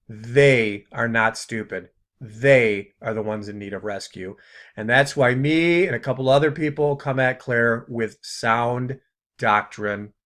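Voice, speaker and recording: A man hosting a commentary video, mocking what he plays with bursts of laughter and quiet trailing asides. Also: medium pitch.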